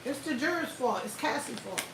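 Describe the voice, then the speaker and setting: A woman's voice: high voice, expressive, a little fast, gravelly. A woman hosting a livestream, giving blunt, profane commentary and laughing often. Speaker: livestream host. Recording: echoey room, far from mic, faint hiss.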